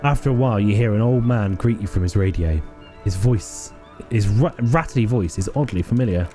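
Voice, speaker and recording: A man's voice: lowish voice, moderate pace, warm tone, faint music behind. A man reading a video game aloud, narrating the scene and speaking the hero's lines hesitantly. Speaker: game streamer.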